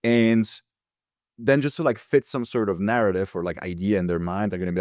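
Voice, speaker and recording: A man hosting a podcast interview, searching for words and circling back with lots of fillers. His voice sits a bit low. The recording is dry. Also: fairly even intonation, a little mellow, no room sound. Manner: hesitant, halting, many fillers. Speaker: podcast host. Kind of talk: casual interview chat.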